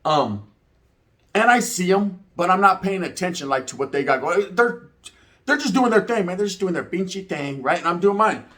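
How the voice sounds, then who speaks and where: Man in his 40s, a bit high voice, swears a lot, tells it like a homie, keeps saying right. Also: lively intonation, moderate pace, fairly bright tone. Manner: profane, streetwise, keeps tagging "right?". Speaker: reaction video host. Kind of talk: casual storytelling and commentary.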